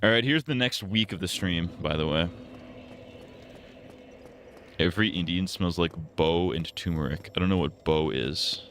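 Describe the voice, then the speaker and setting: A man's voice: low voice, normal speed, fairly bright tone, a little hiss or hum. A young man streaming a game, joking, swearing and rambling in casual crude commentary. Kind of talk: crude live gaming commentary.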